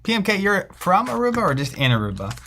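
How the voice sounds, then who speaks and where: A man's voice: sits high, very animated, fast talker, sharp tone. Man, stream co-host, casual, reading chat comments, slight background hiss. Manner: reads out viewer names and places, self-deprecating. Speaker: co-host of a card game stream.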